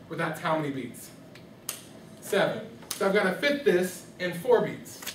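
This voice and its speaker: The speaker is a male music teacher with a voice on the high side, teaching rhythm and repeatedly checking that his students understand through questions. It's recorded from a distance in an echoey classroom, with a little hiss or hum.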